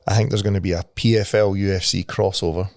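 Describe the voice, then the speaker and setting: A man's voice: sits low, steady tone, fast talker, dry recording, studio quality. A Scottish man co-hosting a podcast in casual chat, swearing freely and laughing at his own stories. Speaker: podcast co-host.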